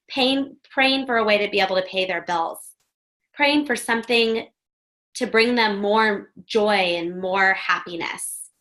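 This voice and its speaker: A woman hosting a coaching presentation, closing with an encouraging, persuasive pitch to her listeners. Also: sharp tone.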